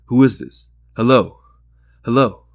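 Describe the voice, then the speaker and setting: A man's voice: mid-range voice, unhurried, gravelly, voice pushed up. A man reading the part of a grieving father who speaks in a subdued, bewildered way. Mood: numb. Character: shaken, numbed grieving father.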